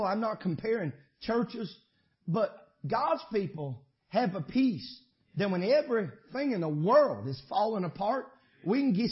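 A man preaching a sermon as pastor, shifting between shouted climaxes and quiet conversational asides. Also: high voice, highs cut off.

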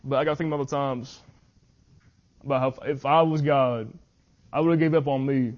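A man preaching at a youth meeting, reading scripture slowly and earnestly, sometimes tripping over his words. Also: mid-range voice, steady tone. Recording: muffled lo-fi audio.

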